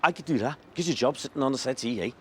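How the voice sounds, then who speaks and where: A comic actor playing a pushy, jeering Liverpudlian pal in a sketch. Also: male voice, mid-range voice, rapid-fire, fairly bright tone, slight background noise, close to an everyday voice. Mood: needling. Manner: wheedling, jeering. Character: pushy scouse pal begging for work. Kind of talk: sketch comedy acting.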